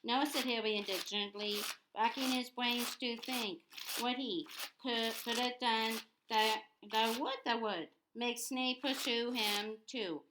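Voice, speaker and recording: A woman reading a novel aloud, halting often and repeating words, in a noisy home recording. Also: a little high, fairly even intonation. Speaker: audiobook reader.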